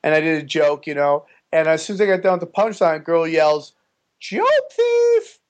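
A man with a notably high-pitched voice tells a loose, profane story. He is a comedian and throws himself into it, acting out everyone in the tale as he goes. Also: fast, smooth, lo-fi sound. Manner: animated, profane, acts out the voices in his stories. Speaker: stand-up comedian, guest. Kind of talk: casual storytelling.

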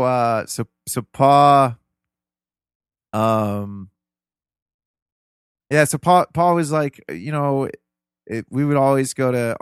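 Smooth-voiced man reminiscing as a guest. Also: mid-range voice, no echo, studio quality. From Ohio, US. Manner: earnest, reminiscing, loose and rambling. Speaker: podcast guest. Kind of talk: casual interview storytelling.

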